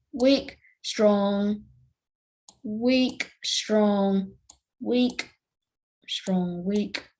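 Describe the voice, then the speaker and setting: A woman's voice: on the high side, a little mellow, poor audio. A young woman teaching a music theory lesson in a casual, hesitant way, with many fillers and restarts.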